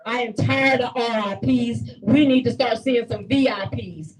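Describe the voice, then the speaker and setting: A woman speaking at a community meeting as an activist, in a fervent, repetitive public speech that breaks into shouting. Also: fairly high pitch, a little slow, distant mic, poor audio.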